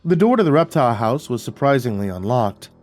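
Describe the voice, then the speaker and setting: A man narrating a horror story in a wry, even storytelling manner. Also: medium pitch, brisk, soft background music.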